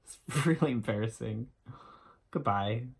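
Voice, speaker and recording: A young adult man telling an embarrassing story on his vlog, animated and self-mocking, swearing freely. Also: medium pitch, a little slow, vocal fry, husky. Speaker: vlogger.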